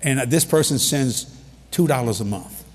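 Male preacher, husky and animated, funny storyteller, big echoing hall. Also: medium pitch, normal speed. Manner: animated, repeats key lines for emphasis. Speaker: preacher leading a ministry. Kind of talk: humorous storytelling sermon. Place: large hall with an audience. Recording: long reverb of a large hall.

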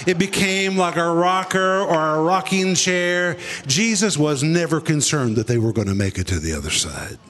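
A man preaching a sermon, telling the story dramatically and acting out what people said. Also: long reverb tail. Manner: dramatic storytelling, acting out quotes with big swings in pitch and pace.

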